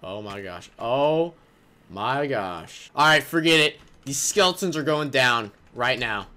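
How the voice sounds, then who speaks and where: Excitable young-sounding gaming host man. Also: mid-range voice, a little slow. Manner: excitable, exasperated, says "like" and "oh my gosh" often. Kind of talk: let's play commentary.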